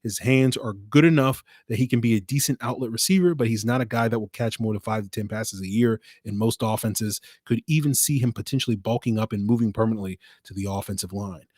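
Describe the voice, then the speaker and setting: A man's voice: lowish voice, fast talker, few pauses, darkish tone, no room sound. Dry-voiced man hosting a sports podcast. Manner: conversational, many fillers, dry sarcasm. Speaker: podcast host. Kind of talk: solo sports podcast commentary.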